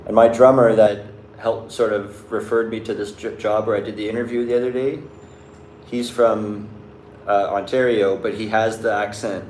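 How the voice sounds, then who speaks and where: A young man talks loosely to his viewers, his voice sitting a little low. He drifts and restarts, stringing thoughts together with "like." The room is echoey, with a faint hiss behind him. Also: flat delivery, moderate pace, a little mellow. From Canada. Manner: rambling, loose, many likes and restarts. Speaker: vlogger answering live chat. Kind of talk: casual chat.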